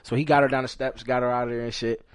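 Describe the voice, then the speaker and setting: A man hosting a podcast, telling a story in a casual, profane, animated way and loudly acting out what people said. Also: medium pitch, racing, smooth, no echo, studio quality. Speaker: podcast host.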